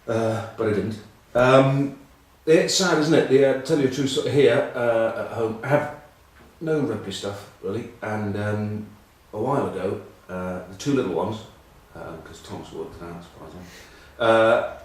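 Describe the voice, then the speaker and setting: A man's voice: fairly low pitch, normal speed, hardly any pauses, very echoey, far from the mic, low-quality recording. A middle-aged English man telling rambling, self-mocking rugby stories in casual chat. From England. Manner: rambling, self-mocking anecdotes with many ums. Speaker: rugby pundit.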